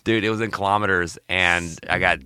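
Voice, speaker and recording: Laid-back low-voiced young man telling stories. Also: fairly even intonation, fairly quick, pushed and bright, smooth, no room sound, studio quality. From Mississippi. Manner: laid-back, says "dude" often, laughs between lines. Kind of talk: casual storytelling chat.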